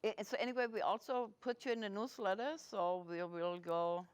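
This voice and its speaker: A woman hosting a casual interview in a small TV studio, rambling and halting with many restarts. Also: mid-range voice, fairly even intonation, clean tone. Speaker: host.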